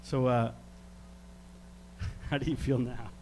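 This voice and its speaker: A man from Canada, working as a stage hypnotist, giving slow, soothing suggestions and chuckling between them. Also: mid-range voice, steady tone, darkish tone, slight background noise. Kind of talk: live hypnosis demonstration.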